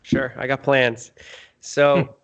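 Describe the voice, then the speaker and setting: A man's voice: medium pitch, little pitch movement, slow pace. A man from Canada who organizes events, laying out his plans plainly on a casual podcast.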